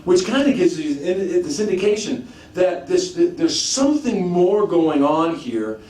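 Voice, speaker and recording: A man preaching a teaching sermon, animated, asking rhetorical questions and often restarting his sentences. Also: high-pitched, a little slow. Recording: echoey room, mic at a distance, faint background noise.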